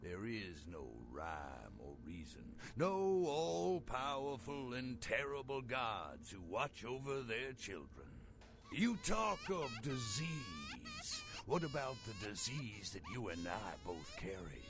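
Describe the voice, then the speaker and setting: A fanatical Southern cult bishop in a horror video game, a sick vampire villain who coughs through his sermon. He drawls slowly, and his voice soars high and plunges low as he preaches doom. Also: huge pitch swings, background noise, heavily acted. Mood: ranting. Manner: preacher's slow booming sermon cadence.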